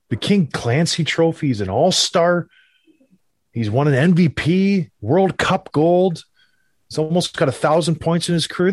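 A Canadian man co-hosting a casual sports chat, animated and teasing, often mock-outraged. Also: a little high, slightly rough, dry recording, clean studio sound. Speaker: podcast co-host.

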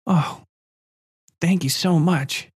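A man voicing a frightened, lonely little girl who pleads in a soft, high voice. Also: steady tone, slow pace, slightly rough. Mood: grateful.

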